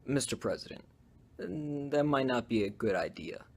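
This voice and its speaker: A man's voice: mid-range voice, lively intonation, normal speed, a little mellow, breathy edge. A man playing a cautious male adviser who gives a hesitant warning. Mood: wary.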